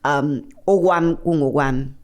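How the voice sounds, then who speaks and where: A woman's voice: deep voice, takes it slowly. A young adult woman, an actress talking earnestly as an interview guest. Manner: earnest, animated, acts out quotes. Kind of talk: conversational interview.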